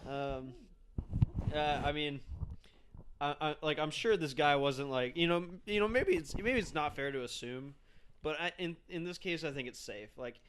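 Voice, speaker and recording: A man's voice: on the high side, normal speed, a bit bright, a little hiss or hum. A young man appearing as a podcast guest, telling a wry, joking story in casual chat.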